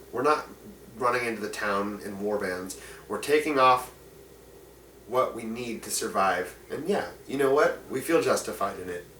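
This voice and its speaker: A man voicing a weary, dignified male orc leader who pleads his case softly and gravely. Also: fairly low pitch, echoey room, far from the mic, a little hiss or hum, poor audio. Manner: soft, grave and earnest.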